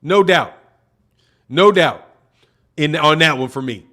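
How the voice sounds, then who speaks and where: A man hosting a boxing livestream in a fairly high voice. He reads viewer comments aloud and answers them bluntly, calling people out and repeating himself for emphasis. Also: takes it slowly, long pauses, sharp tone. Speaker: boxing channel host. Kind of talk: livestream commentary reading chat.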